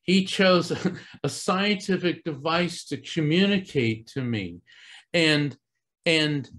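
His fairly bright voice is on the high side, and he speaks slowly but with animation. A middle-aged psychic medium from Central Florida, he earnestly tells a live audience a personal story in a conversational way, with many fillers and restarts.

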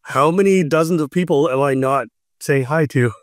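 A man hosting a podcast, chatting casually and telling animated stories with frequent laughs. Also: a little high, moderate pace, dry recording, studio quality. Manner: animated storyteller who laughs often. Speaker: podcast host.

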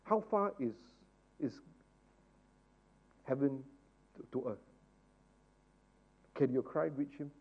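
A man teaching a Bible study in a sermon style, asking rhetorical questions and moving from hushed asides to loud, fervent exhortation. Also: mid-range voice, expressive, slow pace, pauses often, narrow, tinny audio. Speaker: pastor leading Bible study.

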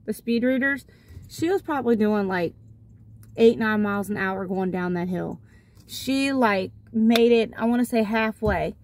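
A young adult woman and mother telling a story in a rambling, casual way from her car, with lots of fillers and restarts. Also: on the high side. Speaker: vlogger and mother.

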